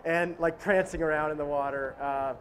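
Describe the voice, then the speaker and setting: A film director, a man, telling stories in a casual interview in an animated, joking way and acting out voices. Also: on the high side, normal speed, slight background noise.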